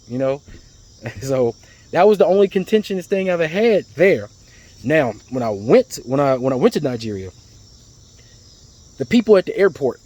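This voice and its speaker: A man, talking in a rambling, casual storytelling monologue, repeating words and getting animated as he tells his stories. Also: on the high side. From United States. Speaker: vlogger.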